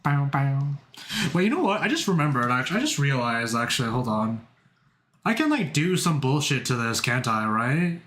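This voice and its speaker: A young man streaming as a VTuber, casual and excitable, laughing and repeating himself as he talks. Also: mid-range voice, brisk, reverberant. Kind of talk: casual live-stream chat.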